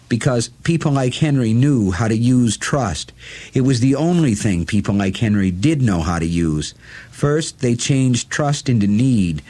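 A man reading a novel aloud as an audiobook narrator, in a measured, deliberate storytelling manner. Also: medium pitch, dark tone.

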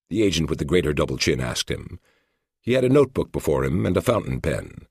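Deep, gravelly male narrator. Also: sing-song, darkish tone, no echo, clean studio sound. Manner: measured, storytelling. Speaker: audiobook narrator. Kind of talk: scripted narration.

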